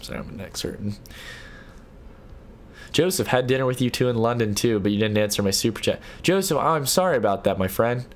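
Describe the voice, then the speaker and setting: With a brisk, mid-range voice and a little hiss or hum in the recording, a young man hosts a late-night livestream. He reads chat aloud and answers casually, restarting frequently.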